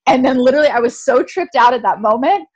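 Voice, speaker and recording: A woman guest on a podcast, telling a personal story in a lively, chatty way, full of "like" and quick laughs. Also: high voice, breathy edge, lo-fi sound.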